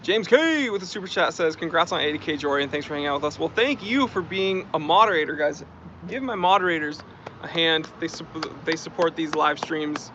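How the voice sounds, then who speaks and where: On a casual live stream, a man chats with his audience, reading viewer comments aloud and thanking people for them. His voice sits fairly high and sounds animated, quick, pushed, and bright, with a slight hiss or hum. The stream audio is dull and lo-fi.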